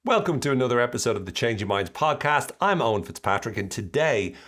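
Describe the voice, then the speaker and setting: A man hosting his own podcast, explaining ideas in an enthusiastic, animated solo monologue. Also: medium pitch, quick pace. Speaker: podcast host.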